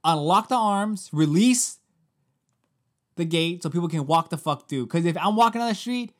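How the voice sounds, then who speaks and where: A man's voice: high-pitched, normal speed. A man in his thirties, a podcast co-host, ranting in casual chat and swearing often. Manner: emphatic, swears often, animated rants. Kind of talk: casual chat with profanity-laden rants.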